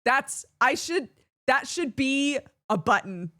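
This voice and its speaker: A woman streamer in casual chat with viewers, animated and laughing often as she reads chat aloud. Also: sits high, normal speed, dry recording, clean studio sound.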